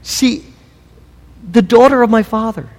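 A man's voice: extremely high pitch, unhurried, a little mellow, big-room sound, pitched above the performer's own voice. A man voicing a defensive old patriarch who sheepishly makes excuses for himself. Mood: whiny excuses.

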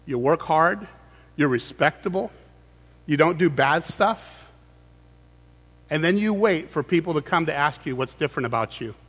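A man preaching a humorous sermon in a conversational, teasing way with animated asides. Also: fairly high pitch, normal speed, pauses often, big-room sound.

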